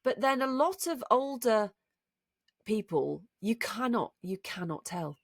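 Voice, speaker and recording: A woman's voice: on the high side, very animated, measured pace, no echo, clean studio sound. A woman co-hosting a podcast, chatting casually and thinking aloud with frequent restarts. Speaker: podcast co-host. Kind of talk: casual chat.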